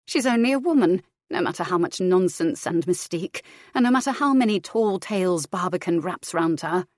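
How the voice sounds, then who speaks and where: A woman voicing a calm, practical woman doctor who speaks in a reassuring, matter-of-fact way. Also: fairly low pitch, moderate pace, no echo, studio quality. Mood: dismissive.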